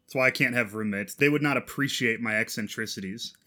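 A man with a bright, sharp voice, rambling sarcastically and swearing freely in casual podcast talk. His pitch sits in the middle range. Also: a little fast. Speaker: podcast co-host. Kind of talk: casual chat.

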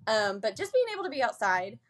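A young woman co-hosting a podcast, talking fast and energetically and laughing often. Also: a little high, sing-song. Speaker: podcast co-host. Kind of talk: casual chat.

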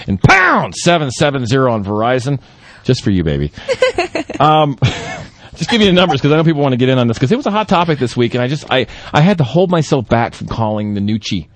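A man hosts a live talk radio show through a studio broadcast mic, teasing and playful, laughing often as he banters with his guests. His voice is mid-range with no echo.

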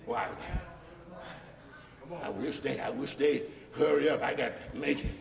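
A male pastor preaching a sermon, building from quiet explaining to loud shouted points and mocking the voices of critics. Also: medium pitch, steady tone, measured pace, gravelly, a crowd in the background. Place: church sanctuary. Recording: echoey hall from far off.

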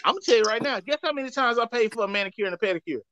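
A man's voice: very high voice, expressive, rapid-fire, a bit bright, dull audio. Emphatic man lecturing the fellas. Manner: emphatic, repeats "I'ma tell you right now", addresses the fellas. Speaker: podcast co-host. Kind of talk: casual panel chat.

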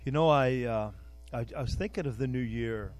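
A man's voice: mid-range voice, normal speed, darkish tone, faint music behind. An older man preaching an informal sermon, speaking conversationally and repeating words while searching for them, with a prayer woven in.

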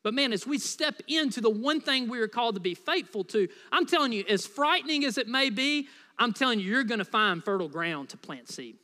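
A man's voice: very high voice, animated, brisk, bright, forceful tone, in a large hall. A man preaching a sermon as pastor, from the United States, in a conversational, playful style full of asides to the congregation.

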